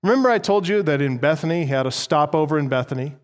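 Man preaching with slow emphatic stresses. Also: on the high side, expressive, clear, resonant tone. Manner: expository preaching, slows and stresses key words. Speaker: pastor. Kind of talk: sermon.

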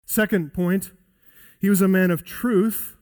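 A male pastor preaching a sermon, speaking earnestly and dropping softer when he quotes scripture. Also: high-pitched, fairly even intonation, slow pace. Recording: long reverb of a hall.

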